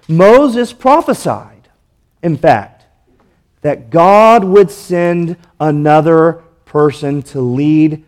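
A man with a high-pitched voice preaching a verse-by-verse sermon. He leans on rhetorical questions and delivers his points with dramatic emphasis. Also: a little mellow. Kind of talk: expository sermon.

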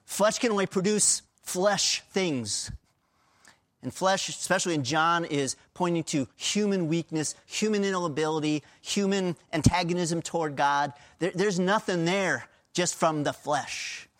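A man's voice: fairly high pitch, a little slow, a bit bright. A middle-aged man from Pennsylvania preaching a sermon as a pastor, in an earnest, emphatic and conversational way. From Pennsylvania, USA.

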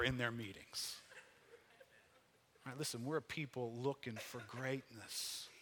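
Bright-voiced preacher with a folksy swing. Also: male voice, steady tone, measured pace, long pauses, slight background noise. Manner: conversational preaching, folksy asides, swells loud then drops low. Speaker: pastor. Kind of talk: sermon.

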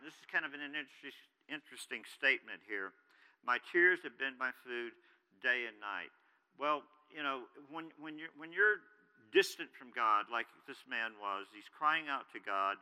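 Male pastor, casual sermon delivery, slightly high voice, long church reverb. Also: bright, forceful tone, clean tone. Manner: conversational, frequent fillers and restarts. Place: church sanctuary.

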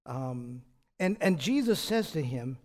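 A pastor preaching a conversational sermon, asking rhetorical questions and answering them himself, often repeating words and chuckling between points. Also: male voice, medium pitch, sing-song, slow, darkish tone.

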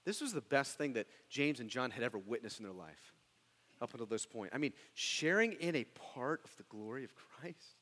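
A man delivers a sermon in an animated way, sinking low and soft before climbing into loud, excited stretches. His voice sits at an ordinary middle pitch for a man. The sound carries a long reverb, as if he is speaking in a large sanctuary. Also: moderate pace. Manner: animated preaching, swings from hushed to loud excited bursts. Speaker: pastor.

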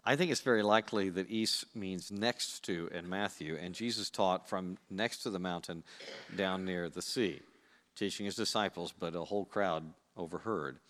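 A man's voice: low-pitched, normal speed, fairly bright tone, big-room sound. A man preaching a sermon, conversational and playful, speaking straight to his congregation. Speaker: pastor.

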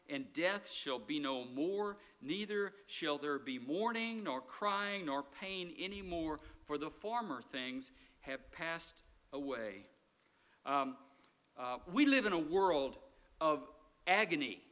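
A middle-aged man preaches in a relaxed, conversational way, his voice bright and a touch high. He swings between ringing emphasis and hushed, nearly whispered lines. Now and then he drops in wry, self-deprecating asides. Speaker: guest pastor. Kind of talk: sermon.

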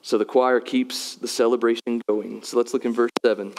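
A man giving a sermon, moving from personal storytelling to loud, emphatic calls to worship. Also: medium pitch, flat delivery, normal speed, hardly any pauses. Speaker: pastor.

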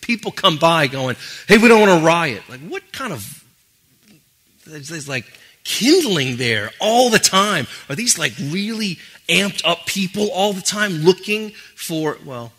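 Very bright-voiced pastor preaching. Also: male voice, on the high side, husky. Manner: conversational, animated asides. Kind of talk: sermon.

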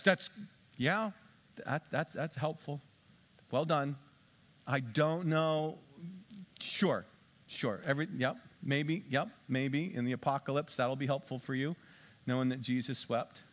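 Preaching from the pulpit, this man keeps things conversational and self-deprecating, sprinkling in humor. His delivery alternates between forceful loud outbursts and hushed, low stretches.

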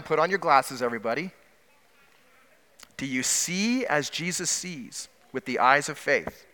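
Guy preaching in a church, slightly high voice, asks the crowd lots of questions, big echoey hall. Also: pushed and bright. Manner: asks the congregation questions, slows down for emphasis. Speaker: pastor. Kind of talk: sermon.

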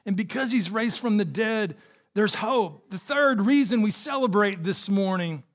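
A man's voice: sits high, animated, measured pace. A man preaching an Easter sermon, telling stories and addressing the congregation directly. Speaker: pastor.

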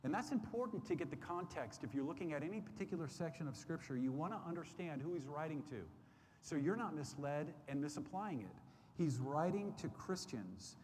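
A man leads a Bible study in an earnest, searching way, circling back over phrases and stumbling through fillers as he hunts for words. His voice sits a little high for a man. The hall has a long echo, with a faint hiss behind him. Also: expressive, a little fast, darkish tone. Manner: earnest, repeats phrases, many fillers and restarts. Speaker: Sunday school teacher. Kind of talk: Bible teaching. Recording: roomy hall with faint background noise.

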